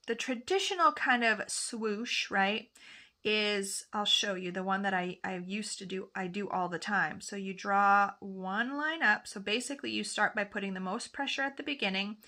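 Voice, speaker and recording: Bright-voiced chatty woman nail tech. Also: mid-range voice. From Canada. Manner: chatty, talks while painting, self-correcting. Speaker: nail technician. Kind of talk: casual tutorial chat.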